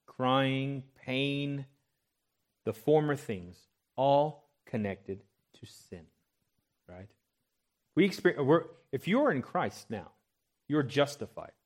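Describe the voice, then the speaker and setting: A man's voice: medium pitch, darkish tone. Male pastor, sermon delivery, scripture reading, conversational check-ins. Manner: expository preaching, checks in with "right?"; reads scripture aloud with rising emphasis.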